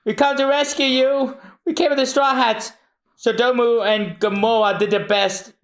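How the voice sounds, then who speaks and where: A podcast host voicing an eager, loyal male workman in a raised, higher voice. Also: fairly even intonation, moderate pace, echoey room, lightly acted. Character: excited loyal male workman calling his boss bro.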